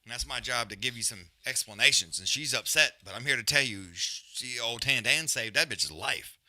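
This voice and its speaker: A man's voice: mid-range voice, normal speed, pushed and bright. A man hosting a live fight watch-along, breaking down the action in loose, profane, slangy commentary.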